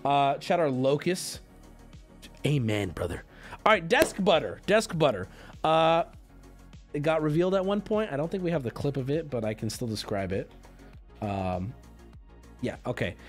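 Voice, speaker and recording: A man livestreaming and talking casually to his chat, rambling, joking and swearing freely. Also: medium pitch. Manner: rambling, profane, jokey.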